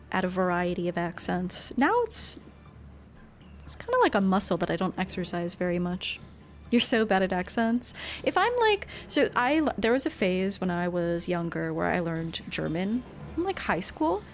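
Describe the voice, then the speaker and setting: A woman from Canada talking casually to chat while she streams a story game, chatty and full of little restarts. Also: on the low side. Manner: chatty, answers chat, frequent "like" fillers. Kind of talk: live gameplay commentary.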